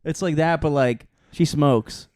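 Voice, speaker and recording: A man's voice: on the high side, unhurried, a little mellow, dry recording, studio quality. A young man co-hosting a comedy podcast, teasing and laughing through casual banter. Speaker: podcast co-host.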